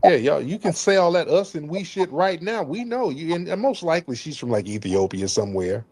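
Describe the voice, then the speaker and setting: A man's voice: fairly high pitch, big pitch swings, a little fast, darkish tone, breathy edge. A man hosting a news commentary show, emphatic and scolding, repeating his points and mocking callers. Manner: mimics others in mocking voices. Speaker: host.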